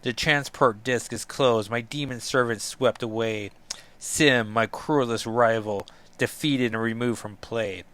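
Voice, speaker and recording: A man's voice: mid-range voice, steady tone, a little slow, fairly bright tone, close to an everyday voice. A man voicing a scheming male demon lord who gloats grandly over his plans. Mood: gloating. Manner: grandiose, gloating villain speech.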